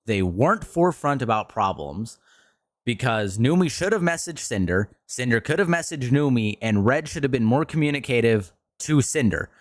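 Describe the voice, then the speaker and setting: Exasperated male streamer, average pitch, dead-dry close mic, heated profane commentary. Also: animated, moderate pace, dry recording. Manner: frustrated, exasperated, swears often; pitch jumps up sharply when worked up. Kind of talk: ranting commentary video.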